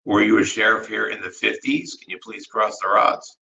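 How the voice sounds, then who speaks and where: A man running a ghost-hunting session with dowsing rods, making slow, polite requests with long pauses and turning soft-spoken when emotional. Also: fairly low pitch, fairly even intonation, creaky, highs cut off. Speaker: ghost hunter. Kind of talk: dowsing-rod spirit session.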